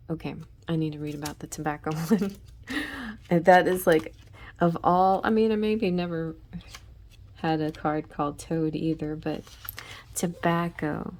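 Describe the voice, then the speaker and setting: A woman hosting her own channel, flipping through a card deck and reading its texts in a soft half-whisper between casual, laughing asides. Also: deep voice, fairly even intonation, measured pace. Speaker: tarot channel host. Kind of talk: deck flip-through review.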